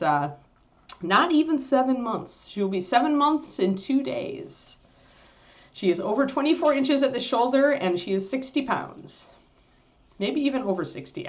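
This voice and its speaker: A woman hosting a casual livestream, chatting with viewers, laughing often and cooing at her puppy. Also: mid-range voice. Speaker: livestream host.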